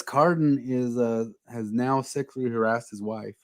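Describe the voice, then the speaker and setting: A man's voice: medium pitch, a little slow, no room sound. A man hosting a casual podcast chat, blunt and opinionated, swearing freely. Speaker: podcast host.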